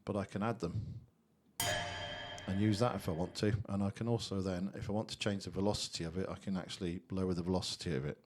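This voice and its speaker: A man casually walking through a software tutorial, chatty and thinking aloud. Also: low voice, fairly even intonation, fast, noisy background. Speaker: tutorial host.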